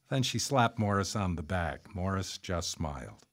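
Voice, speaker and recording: A man's voice: low-pitched, sing-song, a little slow. A man reading his memoir aloud in a wry, conversational storytelling way. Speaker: narrator of a memoir.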